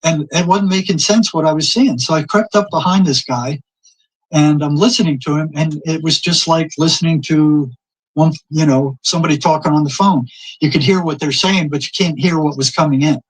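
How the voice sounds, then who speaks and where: A man's voice: a little high, moderate pace, husky, low-quality recording. An older man telling long personal stories in casual conversation, often repeating words and acting out what people said. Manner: rambling anecdotes, repeats words, acts out quoted exchanges. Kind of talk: casual storytelling.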